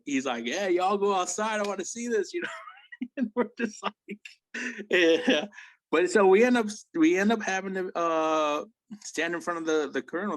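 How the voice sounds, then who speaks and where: A man with a voice on the high side, recorded with no room sound, is an Army veteran telling war stories in a casual interview. He swears freely and animatedly acts out what people said.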